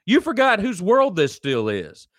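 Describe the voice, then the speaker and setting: A man's voice: high-pitched, wildly swooping pitch, unhurried, no room sound, studio quality. A man with a Southern American accent hosting a live-stream show, ranting in a preachy, emphatic way and repeating lines for effect. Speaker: host.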